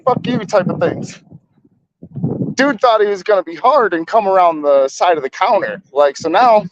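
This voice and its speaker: A man in his thirties, his voice pitched high and a touch bright, tells a long, wandering story in a laid-back, slang-heavy way, constantly saying "like" and "you know." There's slight background noise, and the lo-fi sound is somewhat dull.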